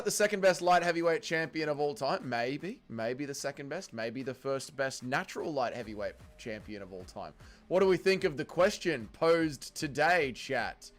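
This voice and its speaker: An upbeat man, his voice sitting a touch high, hosts a casual livestream and banters with his chat, greeting people by name. Faint music plays quietly behind him. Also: lively intonation, moderate pace. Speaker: livestream host.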